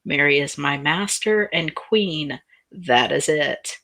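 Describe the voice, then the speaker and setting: Woman voicing a deadpan loyal servant man. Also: sits low, slow pace, vocal fry, no echo, full character voice. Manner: deadpan, teasing.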